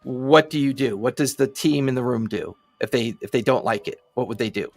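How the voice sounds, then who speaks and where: A man's voice: mid-range voice, fairly quick, gravelly, no room sound, faint music behind. Joking, opinionated man in casual chat. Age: adult parent. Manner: joking and opinionated, acts out little scenes. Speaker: podcast co-host.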